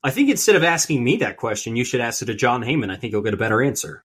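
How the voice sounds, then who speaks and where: A man's voice: mid-range voice, animated, rapid-fire, fairly bright tone, husky. Male co-host, mid-range voice, earnest and a bit rambling in casual chat. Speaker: podcast co-host.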